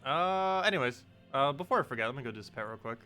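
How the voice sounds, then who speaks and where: A man's voice: medium pitch, lively intonation, quick pace, bright, forceful tone, clear, resonant tone, faint music behind. Laid-back chatty man streaming. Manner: laid-back, chatty, answers chat, laughs at own pronunciation. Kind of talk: casual live-stream chat.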